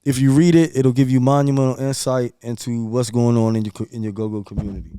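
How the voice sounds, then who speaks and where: Podcast guest, male, brash and profane, mellow tone but clear and crisp, dry sound. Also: mid-range voice, fairly even intonation, fast, no room sound. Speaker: podcast guest, music promoter. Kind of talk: casual podcast chat.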